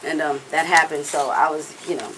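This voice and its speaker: Heavy background noise surrounds a low-pitched woman speaking briskly in a steady tone. She's a singer in a casual, candid interview, earnest and blunt, sometimes swearing. Her talk rambles, punctuated often by "you know what I'm saying."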